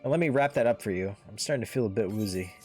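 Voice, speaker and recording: A man's voice: lowish voice, rapid-fire, over music, natural voice. A folksy forest villager rambles on in a wobbly, wavering drawl, as a man puts him on while reading game dialogue. He forgets words mid-sentence and sounds like a tipsy old sage. A faint game tune runs underneath. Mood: jolly. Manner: wavering, wobbly drawl he calls a drunk Yoda.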